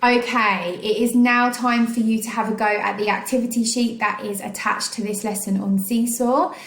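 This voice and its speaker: A woman teaching a recorded online phonics lesson, slowly sounding out each syllable of words for young pupils. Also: fairly high pitch, fairly even intonation, fairly bright tone, echoey room. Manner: slow, clearly sounding out syllables. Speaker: primary school teacher.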